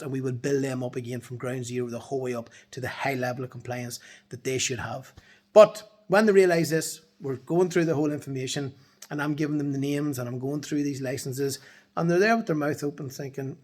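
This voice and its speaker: A man's voice: mid-range voice, steady tone, brisk, darkish tone. A man giving a casual talk to camera from his office in the evening. He speaks bluntly and emphatically as a transport compliance consultant, swearing freely.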